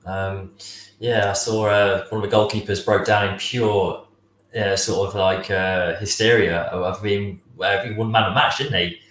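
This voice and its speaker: A man co-hosting a relaxed chat, teasing and easygoing, filling his sentences with "uh" and "sort of". His voice sits fairly low and sounds roomy and echoey, with a faint hiss behind it. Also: moderate pace. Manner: teasing, laid-back, hesitant fillers. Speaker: co-host. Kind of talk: casual chat. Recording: echoey room with faint noise.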